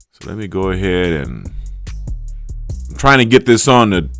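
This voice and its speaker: A man's voice: lowish voice, sing-song, normal speed. Man, New Orleans accent, livestream host, lecturing, repetitive, faint music behind. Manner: repetitive, lecturing, keeps checking in with "right?" and "okay?". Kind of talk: casual livestream monologue. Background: faint funky music beat.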